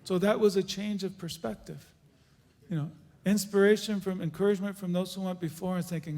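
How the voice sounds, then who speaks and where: A man giving an earnest, halting testimony as a guest speaker at a church conference question-and-answer session. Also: sits high, fairly even intonation, darkish tone. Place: church auditorium. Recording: echoey church hall.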